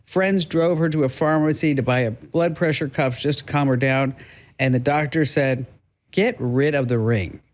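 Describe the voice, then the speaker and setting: Playful New York tech show host. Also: male voice, on the high side, steady tone, normal speed. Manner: playful, laughs often, stretches words for effect. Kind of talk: casual tech news chat.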